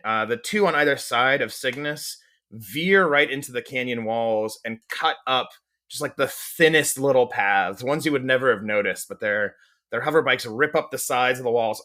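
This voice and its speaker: A man's voice: mid-range voice, bright, forceful tone. A man acting as game master, describing the scene at length with lots of restarts and fillers. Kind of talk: narrating a tabletop game.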